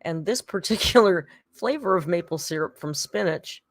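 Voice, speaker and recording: Low-voiced woman reacting on a stream, wry, swears a bit, dry close mic. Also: animated, moderate pace, no room sound. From Canada. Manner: wry, swearing, reads super chats aloud. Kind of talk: casual reaction stream chat.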